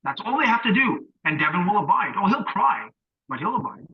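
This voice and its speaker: Brief: husky male podcast co-host, stern profane rants, dull muffled sound. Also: sits high, big pitch swings, fairly quick. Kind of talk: casual podcast chat.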